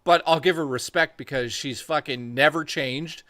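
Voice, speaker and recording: Man, forties, Canadian accent, bright and forceful tone, slightly raised pitch, dry close sound, excitable, swears a lot. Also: normal speed, dry recording. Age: 40s. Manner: excitable, profane banter with frequent restarts. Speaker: podcast co-host. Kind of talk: casual chat.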